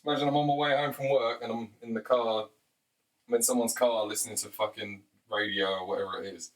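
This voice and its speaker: A man's voice: lowish voice, steady tone, fast, distant mic. A man rambling through a crude comic monologue, chatty and repeatedly urging the listener on. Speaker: comedian.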